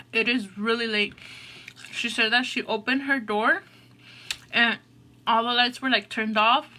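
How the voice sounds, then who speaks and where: A woman's voice: on the high side, sharp tone. A woman hosting an eating show, telling a story in a rambling, casual way full of "like" and "oh my gosh.". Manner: rambling, filler-heavy, lots of "like" and "oh my gosh".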